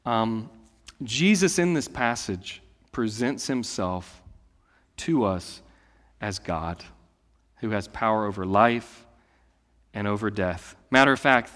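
A man's voice: fairly low pitch, measured pace. Man preaching in a reverberant hall. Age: late 30s. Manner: conversational preaching, swinging from loud to hushed. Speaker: pastor. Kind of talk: sermon.

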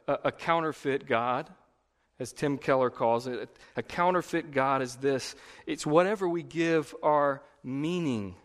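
A man's voice: a little high, big-room sound. A man preaching a sermon as pastor, conversational, swelling into emphatic repeated phrases. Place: church.

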